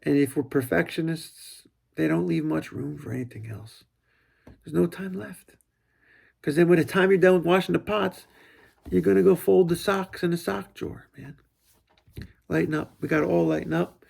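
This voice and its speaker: A middle-aged man talks through his thoughts in a loose, unscripted way, stopping and restarting as ideas come. His voice has a strong gravelly fry, pitched a little higher than most men's. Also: steady tone, normal speed, darkish tone. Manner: rambling, self-interrupting, quotes his own thoughts aloud. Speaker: vlogger. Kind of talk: casual reflective monologue.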